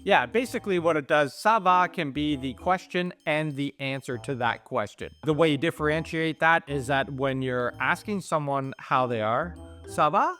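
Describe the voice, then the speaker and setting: A man's voice: fairly high pitch, moderate pace, hardly any pauses, fairly bright tone, soft background music. A middle-aged man from Canada, explaining travel phrases in an easygoing, casual chat. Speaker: travel vlogger.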